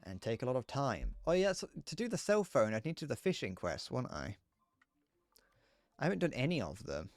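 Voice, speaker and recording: A man streaming a game, rambling and joking as he thinks out loud, often restarting his sentences. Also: mid-range voice, very animated, fairly quick, no echo. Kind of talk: casual gameplay commentary.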